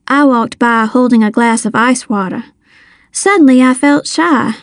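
A woman reading a first-person novel aloud with lively, expressive storytelling. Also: a little high, a little slow, no echo, clean studio sound. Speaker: audiobook narrator. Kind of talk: scripted first-person narration.

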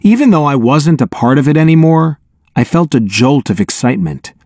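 A man narrating an audiobook in an expressive, wry first-person telling, on a close studio mic. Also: fairly high pitch, normal speed, dry recording.

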